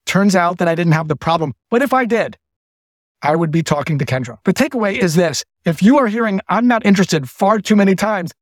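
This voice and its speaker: Man, sales coach, high voice, dry recording, direct storytelling. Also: animated, fairly quick, dry recording. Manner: direct, storytelling with quoted dialogue. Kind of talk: short sales advice monologue.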